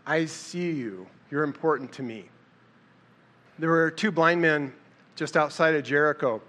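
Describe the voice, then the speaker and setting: A preacher delivers a relaxed, conversational sermon, retelling Bible stories and raising his voice to act out what the characters say. His voice is a little high, pushed and bright, and he takes his time.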